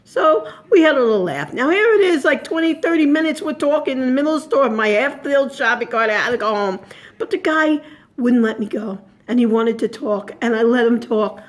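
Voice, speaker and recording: A woman's voice: on the high side, expressive, brisk. A woman telling a personal story as spoken oratory, chatty and rambling, correcting herself as she goes.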